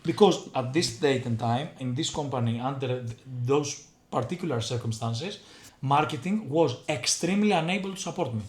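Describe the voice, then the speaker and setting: A man's voice: mid-range voice, expressive, normal speed, few pauses. Blunt, emphatic man talking sales. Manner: blunt, emphatic, repeats himself. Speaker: head of sales, guest. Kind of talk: casual business conversation.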